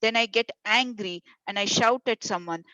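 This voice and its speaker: A woman's voice: mid-range voice, moderate pace, sharp tone, no room sound. Lady trainer chatting thru a workshop on a video call, muffled lo-fi audio. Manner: conversational, with fillers and retold stories. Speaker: workshop facilitator. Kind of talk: storytelling talk to volunteers.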